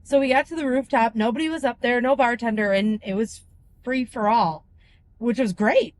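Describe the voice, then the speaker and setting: A woman's voice: fairly high pitch, normal speed, a little hiss or hum. A woman passenger telling a rambling story in casual chat, sometimes searching for words.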